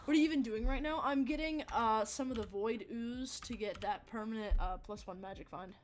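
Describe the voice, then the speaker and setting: A young woman game streamer rambles casually over gameplay, swearing freely and laughing often. Her voice is a little high and a little fast, with slight hiss or hum in the audio.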